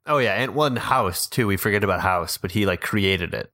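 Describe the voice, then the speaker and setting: A man with a low, bright, forceful voice talks movies in a casual chat. He is blunt and opinionated, and often trails off to rephrase his point mid-sentence. He sounds like a podcast co-host speaking his mind. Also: moderate pace. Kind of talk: casual film discussion.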